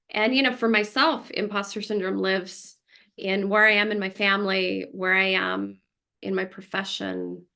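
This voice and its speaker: A woman co-hosting a casual podcast as a therapist, telling stories in an animated way and acting out her own past thoughts. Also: mid-range voice, vocal fry.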